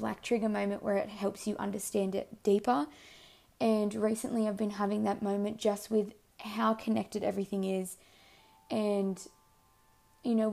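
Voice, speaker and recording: A young woman podcast host, hoarse and losing her voice, with a gravelly fry running through her words. Her tone is dark and mellow as she rambles earnestly through her thoughts, full of fillers. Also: medium pitch. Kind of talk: casual reflective monologue.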